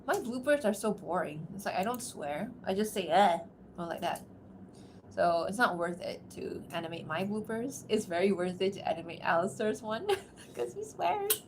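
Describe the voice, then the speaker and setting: A woman streamer from outside America chatting casually on a livestream, talking in quick asides and laughing often. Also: on the low side, slight background noise. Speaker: streamer and voice actor.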